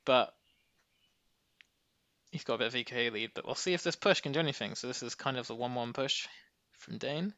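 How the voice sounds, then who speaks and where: A man's voice: mid-range voice, fairly quick, long pauses, dry recording. A man giving casual, chatty live commentary on a strategy game match. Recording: steady background noise.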